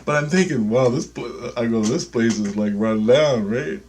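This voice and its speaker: A man's voice: mid-range voice, measured pace, dark tone. A man talking in a loose, meandering monologue, swearing freely as he tells a story. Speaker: vlogger. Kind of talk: casual rambling monologue.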